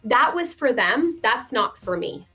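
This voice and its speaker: A woman's voice: fairly high pitch, measured pace, husky, faint music behind. A woman who runs a mortgage company, a guest in casual conversation, speaking animatedly and acting out what her clients say. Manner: animated, acts out clients' voices. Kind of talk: casual chat.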